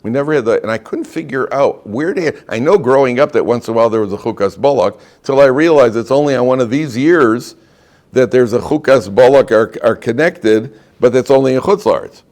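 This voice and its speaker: A male rabbi leads a relaxed Torah class in a classroom. His voice swings widely up and down as he asks the students questions and slips in joking asides. His pitch sits mid-range for a man. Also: a little fast.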